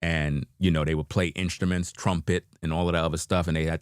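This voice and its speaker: Chatting casually on his livestream, this New York host reacts to videos in a deep, smooth voice at a normal speed. He leans on relaxed slang, laughs under his breath, and keeps saying "you know what I mean." The audio is studio quality with no room sound.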